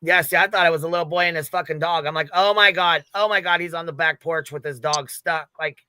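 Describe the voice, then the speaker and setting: A man hosting a livestream, chatting excitedly and swearing often. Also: on the high side, fast talker, smooth. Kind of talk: casual chat.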